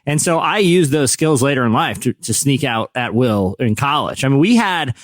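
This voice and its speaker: A man's voice: medium pitch, animated, moderate pace, dry recording, clean studio sound. A male podcast co-host in casual chat, telling boastful, playful stories.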